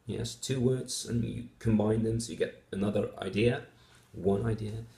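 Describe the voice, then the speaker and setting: A man with a lowish, gravelly, warm voice speaks at normal speed with fairly even intonation. A native Dutch speaker, he works through test answers as a phonetics teacher, methodically, with many fillers and repeated example words, in an echoey room.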